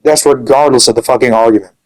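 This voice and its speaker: A man's voice: medium pitch, fairly even intonation, quick pace, low-quality recording. Swearing young man on a rant. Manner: heavy swearing, repeats dude. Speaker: gaming community admin. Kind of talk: angry rant.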